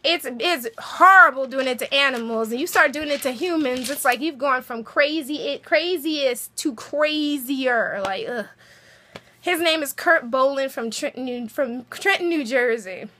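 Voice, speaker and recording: Brief: woman, high and bright voice, chatty show recapper, animated asides. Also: a little slow, a little hiss or hum. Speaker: TV episode recapper. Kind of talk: casual episode recap.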